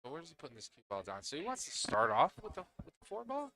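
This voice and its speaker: A man's voice: a little high, huge pitch swings, quick pace, bright, forceful tone. A man with a Northeastern Pennsylvania accent giving chatty live commentary on a pool match, often laughing and restarting his phrases.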